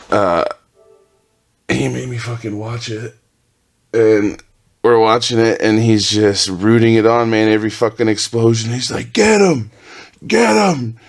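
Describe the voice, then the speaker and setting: Male podcast host, 30s, low voice, loose and profane solo storytelling that keeps restarting. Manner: rambling, profane, self-interrupting. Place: home with dogs.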